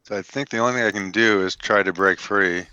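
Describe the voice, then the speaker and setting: A man's voice: lowish voice, fast talker, pushed and bright, no room sound, highs cut off. A man playing in a tabletop game over voice chat, talking through his moves carefully. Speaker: player.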